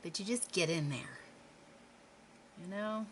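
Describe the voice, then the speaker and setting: A woman's voice: on the low side, slow pace, a little hiss or hum. A middle-aged woman from Western Pennsylvania, chatting casually and rambling while she paints a canvas. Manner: chatty, rambling, self-deprecating asides. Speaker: craft vlogger.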